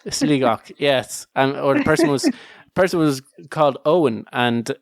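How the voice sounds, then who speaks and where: An Irish man co-hosting a relaxed podcast, telling stories with frequent laughter and restarts. His voice sits in an ordinary middle pitch. The sound is dry and close, with no room around it. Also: a little slow, no echo. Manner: laughs often, restarts, storytelling. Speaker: podcast co-host. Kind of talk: casual chat.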